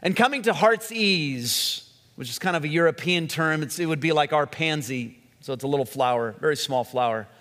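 A man's voice: fairly high pitch, steady tone, a little fast, few pauses, a bit bright. A man preaching a sermon, telling stories earnestly and stressing key words. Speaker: pastor. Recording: long echoing hall reverb.

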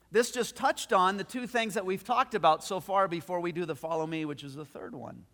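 A man pastor preaching a sermon, telling a story with animated delivery and frequent restarts. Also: mid-range voice, moderate pace, gravelly, in a large hall.

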